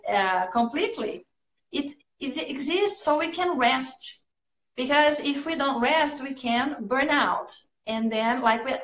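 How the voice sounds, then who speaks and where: Woman, English teacher on a live stream, high bright voice, roomy echo, coaxing and repetitive. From Brazil. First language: Portuguese. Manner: encouraging, repeats key points, loose with fillers. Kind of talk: livestream English lesson. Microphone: phone livestream.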